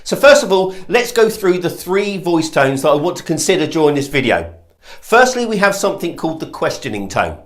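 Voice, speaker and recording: A man's voice: on the high side, big pitch swings, a little fast. Emphatic man teaching sales calls. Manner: emphatic, demonstrates voice tones. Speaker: sales trainer. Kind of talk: instructional talk to camera.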